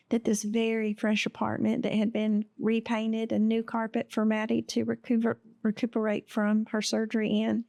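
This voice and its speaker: A woman guest on a podcast telling a personal story in a slow, halting way, with many pauses and fillers. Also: fairly high pitch, creaky, darkish tone, no echo, clean studio sound.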